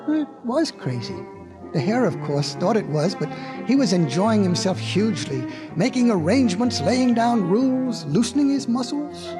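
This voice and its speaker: A man narrating a storybook record in a folksy way, with chatty asides to the listener. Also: sits high.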